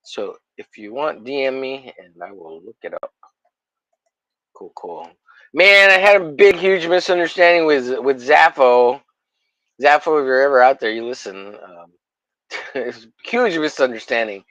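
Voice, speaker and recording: A man's voice: medium pitch, expressive, unhurried, a bit bright, no room sound, dull audio. A man hosting a livestream in casual chat, rambling and swearing, with mock-angry jokes. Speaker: livestream host.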